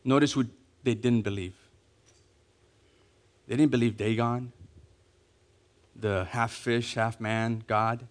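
A man preaching a sermon, acting out quotes and dropping to a hush on key words, asking the congregation to repeat after him. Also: mid-range voice, slow, pauses often. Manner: animated, acting out quotes, dropping to hushed emphasis; repeats key phrases, asks congregation to say it along. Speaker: pastor.

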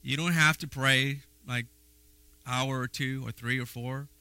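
A man preaching a sermon in a folksy, animated way, with playful asides and frequent restarts. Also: mid-range voice, a little slow, clear, resonant tone, no echo. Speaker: pastor.

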